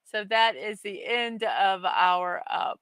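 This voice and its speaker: Slow, chatty woman streamer. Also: mid-range voice, lively intonation, a bit bright, smooth, no room sound, poor audio. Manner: chatty and self-deprecating, laughs often, reads chat aloud. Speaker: host of a daily morning livestream. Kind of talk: casual livestream chat.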